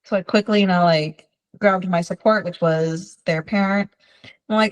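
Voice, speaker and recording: Lower-pitched woman telling client stories. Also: moderate pace, low-quality recording. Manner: tells client stories, acting out quoted lines in a lively way. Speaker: behavior specialist. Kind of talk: conversational teaching with stories.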